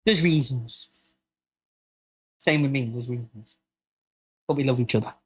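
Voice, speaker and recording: This husky-voiced British host runs a relaxed live podcast at a measured pace. He's full of jokes and laughter and now and then does goofy high-pitched impressions of the people he's quoting.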